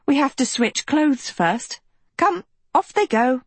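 A woman's voice: high-pitched, expressive, slow, dry recording, pitched above the performer's own voice. A woman voicing a vain, self-absorbed teenage girl who fancies herself a princess, sugary and bossy. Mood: gushing.

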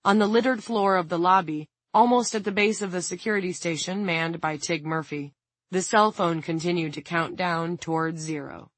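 A woman reading an audiobook in a measured, dramatic narration. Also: lowish voice, no echo.

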